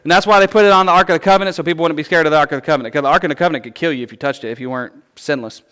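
Chatty, slightly high-voiced male preacher. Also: racing, smooth. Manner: animated, chatty teaching with playful asides. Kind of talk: conversational sermon.

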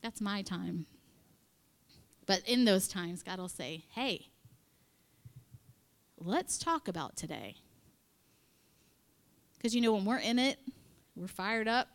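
Woman giving a church devotional, animated, acts out quotes, sometimes whispers. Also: mid-range voice, a little slow, pauses often, clear, resonant tone. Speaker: church speaker. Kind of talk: devotional talk.

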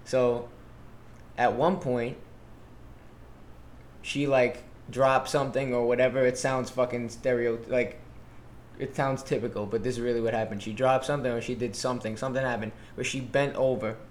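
A young man, a teacher, telling a story in casual chat, animated and slangy with lots of swearing. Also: mid-range voice, moderate pace, reverberant, a little hiss or hum.

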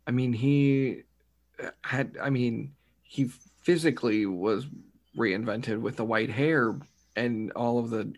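A man hosting a casual podcast chat, speaking haltingly and repeating words as he thinks aloud. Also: medium pitch.

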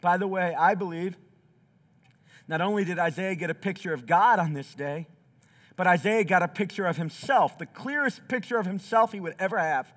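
A man preaching from the pulpit in a church, his voice sitting high for a man. It rises and falls in wide, animated swings as he acts out the scripture he quotes. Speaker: pastor. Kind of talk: sermon. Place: church sanctuary.

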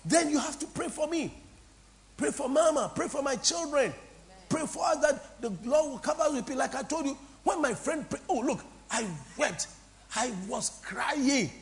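A woman pastor from Ghana, preaching a sermon to a congregation in an impassioned, repetitive, sing-song way that swings between soft and loud. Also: high voice, moderate pace, a little hiss or hum. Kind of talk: preaching a sermon with call-and-response. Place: church before a congregation.

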